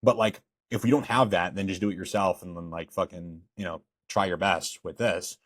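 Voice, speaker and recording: A man's voice: deep voice, fairly even intonation, normal speed, fairly bright tone, dry recording, studio quality. A young man teaching a fitness coaching sales course, blunt and emphatic with frequent swearing. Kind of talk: course lecture.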